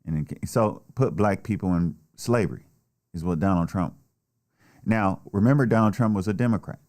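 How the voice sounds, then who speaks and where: A man's voice: low voice, moderate pace, darkish tone. A man delivering a blunt, heated, heavily profane solo political rant. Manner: blunt, heated, swears often. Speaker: political commentator.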